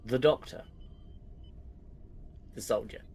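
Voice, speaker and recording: A man's voice: slow pace, darkish tone, a little hiss or hum. A British man reviewing a TV episode with dry, sarcastic commentary.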